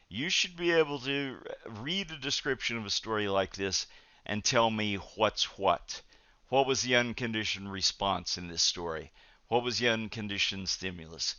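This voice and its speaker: A male psychology lecturer giving a recorded video lecture in a measured, explanatory way, often pausing on "uh" fillers. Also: fairly low pitch, pushed and bright, dry recording. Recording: dull, lo-fi, dry recording.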